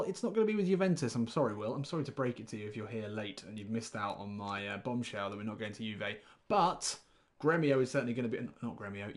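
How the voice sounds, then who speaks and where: Guy streaming a game, chatty, rambles, says hi to chat, middle pitch. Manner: chatty, rambling, thinks aloud and greets chat viewers. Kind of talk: live-stream gameplay commentary.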